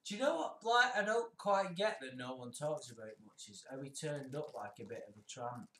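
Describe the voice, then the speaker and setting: A man co-hosting a casual chat show, laughing often, animated and sweary. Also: medium pitch, fairly quick. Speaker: podcast co-host. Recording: roomy echo.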